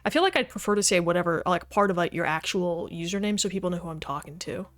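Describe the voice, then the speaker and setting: This gamer speaks fast in a lowish voice with lively intonation. Streaming live, she keeps up a casual conversation with her viewers during play and laughs a lot.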